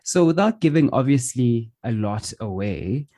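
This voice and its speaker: A man from South Africa chats about a movie in a loose, rambling way, with plenty of "um" and "like" along the way. His voice is mellow and dark in tone, at an ordinary middle pitch. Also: lively intonation, unhurried. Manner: conversational, rambling, frequent fillers. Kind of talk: casual chat, movie review.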